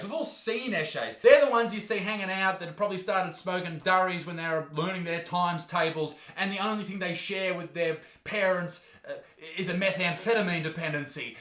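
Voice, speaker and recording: A young Australian man rants in crude, sarcastic commentary. His voice sits high and bright. It rings in a roomy space. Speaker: comedy youtuber. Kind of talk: ranting comedic commentary.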